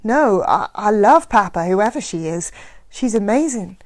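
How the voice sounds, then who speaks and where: A woman's voice: mid-range voice, lively intonation, unhurried, no echo, natural voice. A woman reading a novel aloud, voicing a desperate middle-aged father who cries out and begs. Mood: troubled. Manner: loud, strained, cries out and begs.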